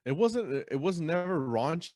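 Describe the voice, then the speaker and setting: A man co-hosting a podcast, chatting casually and easygoingly, mostly in short replies with halting restarts. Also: on the high side, lively intonation, a little mellow. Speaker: podcast co-host. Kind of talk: casual chat.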